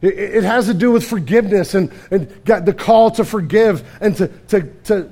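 A middle-aged man preaching a sermon as pastor, animated, with stammering restarts and swings between loud and hushed delivery. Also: sits high, normal speed, creaky.

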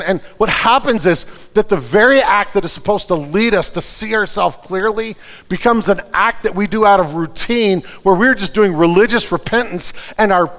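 A man with a high-pitched voice delivers a sermon with earnest conviction. He moves between fervent prayer and quiet, careful explanation. The sound carries the long reverb of a church hall. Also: brisk. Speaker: pastor.

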